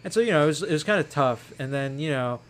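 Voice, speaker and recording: A man's voice: fairly high pitch, animated, fast, a little hiss or hum. Rambling young man telling a story. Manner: rambling, heavy use of fillers like "like" and "you know". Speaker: podcast co-host. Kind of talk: casual chat, storytelling.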